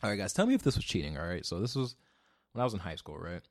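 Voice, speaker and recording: A man in his twenties hosting a solo podcast, rambling and profane, going from mumbles to loud rants. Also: sits low, sing-song, rapid-fire. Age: 20s. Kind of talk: casual solo podcast rant. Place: home, alone.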